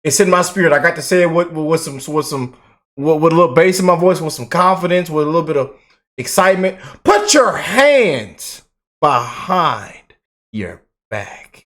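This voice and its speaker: A man hosts a casual political reaction show in a slightly high voice. He is animated and mocking, with loose slang and plenty of repeated words. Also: quick pace. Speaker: political commentary host.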